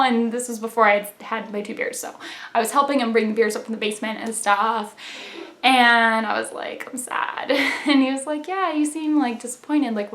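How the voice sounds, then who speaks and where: A woman's voice: on the high side, fairly bright tone. A young woman rambling through a casual confessional vlog, full of "like"s and laughter. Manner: chatty, rambling, with many "like"s and laughs. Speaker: vlogger. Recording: echoey room.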